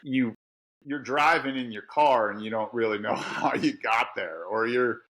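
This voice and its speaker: A man's voice: mid-range voice, unhurried, a bit bright, poor audio. A middle-aged man from Pittsburgh with a Pittsburgh accent, talking candidly and laughing often as a podcast guest. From Pittsburgh, USA. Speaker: guest author and tradesman. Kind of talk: casual podcast conversation.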